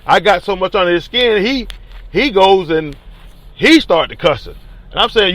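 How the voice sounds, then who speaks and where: A man, a teachers union leader telling a story in an animated, colloquial and emphatic way. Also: high voice, normal speed, no echo. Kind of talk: casual spoken storytelling.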